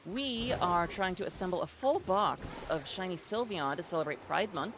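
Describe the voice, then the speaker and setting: Chatty game streamer man, slightly high. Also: lively intonation, a little fast, few pauses, background noise. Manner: chatty, reads chat aloud, many fillers and restarts. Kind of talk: casual live-stream chat while playing.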